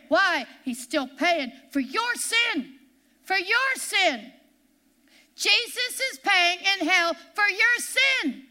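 High bright-voiced woman preaching passionately. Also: very animated. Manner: impassioned preaching, repeats lines, slows and shouts on scripture. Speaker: pastor. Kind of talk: sermon. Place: church.

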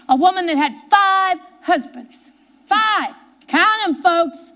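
In a high, fairly bright voice, a woman pastor delivers a sermon and reads scripture aloud. She speaks emphatically, repeating key phrases and putting questions to the congregation.

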